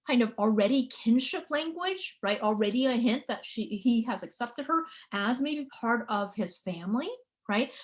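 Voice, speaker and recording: A woman with a slightly high voice records a lecture for a video lesson. She thinks aloud as she goes, padding her sentences with "um" and ending many of them with a questioning "right?". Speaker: teacher.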